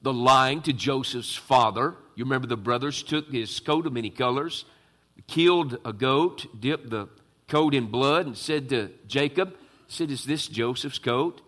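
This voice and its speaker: A man's voice: medium pitch, measured pace, a bit bright. A man preaching a sermon to his congregation, emphatic and full of rhetorical questions. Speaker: pastor.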